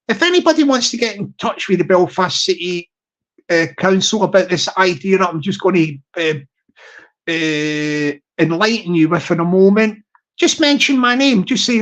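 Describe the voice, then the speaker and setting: Brief: male livestream host, light and high-ish, casual, rambling, stop-start. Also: fairly bright tone. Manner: rambling, stop-start, full of restarts and fillers.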